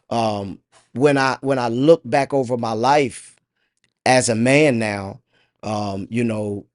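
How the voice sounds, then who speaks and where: A man's voice: mid-range voice, dry recording, clean studio sound. Earnest man sharing his testimony. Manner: earnest, reflective, halting with many fillers. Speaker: podcast host. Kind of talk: personal testimony.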